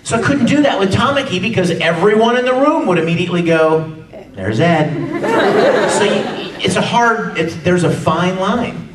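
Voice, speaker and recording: A man speaking on a live convention panel, lively and chatty, now and then acting out character lines and yells. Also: high voice, normal speed, heavy background noise. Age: adult, no longer sounds young. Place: large convention hall with audience. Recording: echoey hall taped from far off with crowd.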